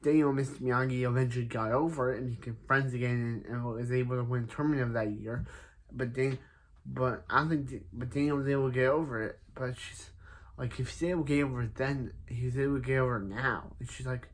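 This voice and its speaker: A man's voice: mid-range voice, steady tone, fast talker, slight background noise. A man casually recapping a TV episode, rambling and restarting sentences, paraphrasing each character with "he's like". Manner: laughs at a character's name.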